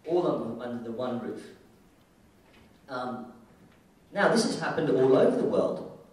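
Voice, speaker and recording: In a big conference hall, a British man delivers an irreverent, jokey keynote in a relaxed manner, his mid-range voice lively in intonation, a little slow and darkish. The recording is echoey, with the mic heard from a distance.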